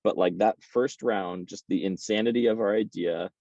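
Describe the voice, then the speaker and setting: A man, a guest entrepreneur, telling his story in a casual interview, animated and repeating words as he starts. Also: on the low side, normal speed, no echo, lo-fi sound.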